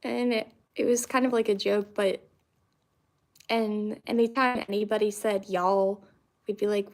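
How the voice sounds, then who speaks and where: A young woman from Central Florida, US, chats casually to camera for her viewers, rambling with lots of fillers and restarts. She's a vlogger with a medium-pitched voice, a flat delivery, and a measured pace.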